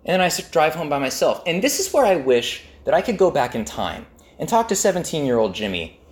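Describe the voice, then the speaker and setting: A man telling a comic personal story in an animated, self-mocking way. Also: a little fast. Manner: animated, self-mocking, with jumpy pitch swings for emphasis.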